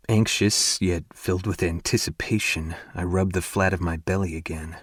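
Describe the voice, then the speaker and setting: A man narrating a first-person romance audiobook in an intimate, hushed and breathy way. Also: sits low, fairly even intonation, moderate pace, few pauses, dry recording, studio quality.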